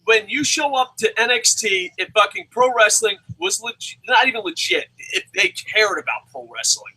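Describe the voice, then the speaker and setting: A man co-hosting a wrestling review show, ranting loudly and cursing as he argues his point. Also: sits high, very animated, moderate pace, rough recording. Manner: profane, shouting, ranting. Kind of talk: heated opinion rant.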